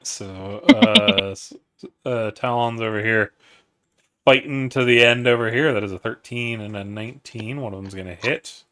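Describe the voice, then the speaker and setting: A man as game master, narrating a tabletop battle in a measured, matter-of-fact, sometimes profane way. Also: mid-range voice, lively intonation, sharp tone.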